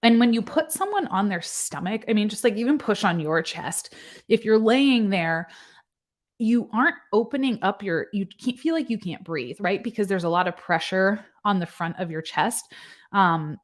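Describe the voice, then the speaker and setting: A woman's voice: medium pitch, animated, normal speed. A woman nurse giving casual commentary, explaining medical points in plain, conversational terms. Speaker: nurse reacting to a news case.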